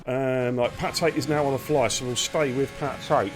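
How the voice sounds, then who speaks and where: A man's voice: mid-range voice, steady tone, moderate pace, music in the background. A man hosting and calling a live sim racing stream, chatty and teasing, greeting viewers by name. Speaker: lead commentator and host.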